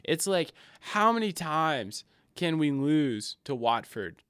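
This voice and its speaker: A young man co-hosting a casual sports chat, excitable and rambling, with frequent restarts. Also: on the high side, slow, clear, resonant tone, no echo. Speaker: podcast co-host.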